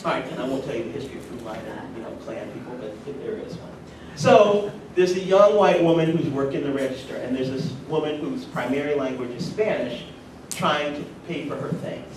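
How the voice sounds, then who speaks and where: A man from rural North Carolina, giving a personal storytelling speech at a conference and making animated asides to the audience. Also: fairly quick, hardly any pauses. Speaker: conference speaker. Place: conference hall. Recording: echoey hall from far off, faint rumble.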